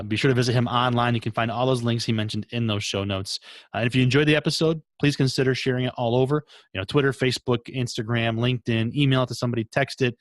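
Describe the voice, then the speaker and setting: A man's voice: mid-range voice, no room sound, clean studio sound. A man hosting a podcast, thanking his guest and giving a friendly sign-off. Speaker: podcast host. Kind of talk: podcast interview and outro.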